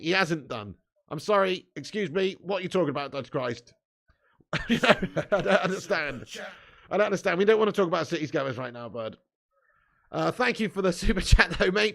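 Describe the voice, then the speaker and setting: A man's voice: high voice, animated, normal speed, creaky, fairly bright tone. A man hosting a live football watch-along, reading out viewers' chat comments and bantering with them, laughing often. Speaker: live stream host.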